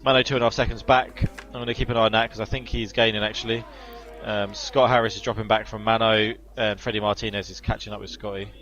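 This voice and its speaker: A man's voice: fairly low pitch, quick pace, highs cut off. Chatty male sim racing commentator. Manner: chatty, analytical, excited on incidents. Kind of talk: live esports race commentary.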